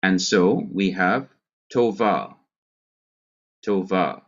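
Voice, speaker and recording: Jamaican man, teacher, unhurried classroom delivery, repeats each term, muffled lo-fi sound. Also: low voice. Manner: slow, deliberate, repeats key words. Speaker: Hebrew teacher. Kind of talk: classroom grammar lesson.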